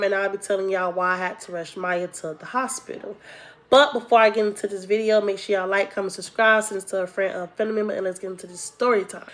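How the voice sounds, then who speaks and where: A young woman vlogger telling a casual storytime, animated and acting out the people she quotes. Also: mid-range voice.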